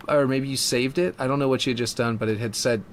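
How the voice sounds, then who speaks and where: A man's voice: mid-range voice, steady tone, fast, a little hiss or hum. A man streaming while building a game map, chatting casually and thinking aloud as he trails off. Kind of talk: casual chat while working.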